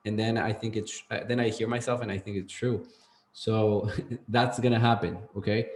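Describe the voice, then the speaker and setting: A man with Spanish as his first language teaching an English class, relaxed and rambling, checking in with "okay?" often. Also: on the low side, normal speed. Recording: roomy echo.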